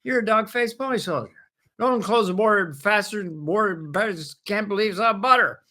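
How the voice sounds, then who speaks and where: A man's voice: brisk, bright, forceful tone. A man impersonating a blustering, rambling elderly politician in a raised, strained voice. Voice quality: high, strained, wandering speech.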